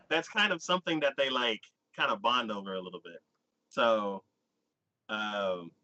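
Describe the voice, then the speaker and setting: A man's voice: mid-range voice, bright, forceful tone. A man hosting a casual chat, retelling a story in a rambling way with lots of fillers and little acted-out quotes. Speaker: podcast host. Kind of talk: casual anime recap chat.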